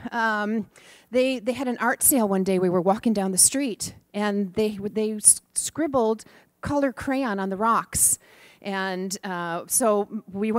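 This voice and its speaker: Animated middle-aged woman telling stories. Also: medium pitch, no echo. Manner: animated storyteller, acts out the people she quotes. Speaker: speaker at a spiritual center. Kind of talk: storytelling talk. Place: church hall.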